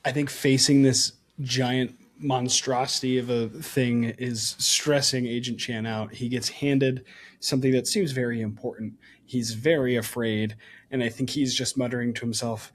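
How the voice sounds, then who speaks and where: A man playing a tabletop game, animated and jokey as he narrates his character's turn and talks through the rules. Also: medium pitch, a little slow. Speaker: player.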